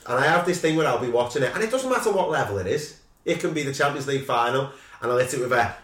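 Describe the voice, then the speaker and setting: Animated storyteller, echoey room. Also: male voice, medium pitch, racing, distant mic. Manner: animated storytelling, mimics shouts. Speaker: podcast co-host. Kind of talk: casual chat. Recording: roomy echo.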